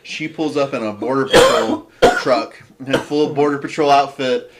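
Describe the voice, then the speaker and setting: A man's voice: mid-range voice, moderate pace, slight background noise. A young man co-hosting a podcast, telling stories in a joking way and swearing casually. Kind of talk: casual chat.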